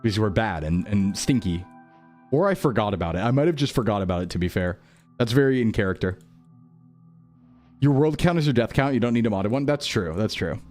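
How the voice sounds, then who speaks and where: A man's voice: fairly low pitch, animated, brisk, a little mellow, soft background music. A young man rambling through casual gameplay commentary, jokey and self-mocking. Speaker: streamer.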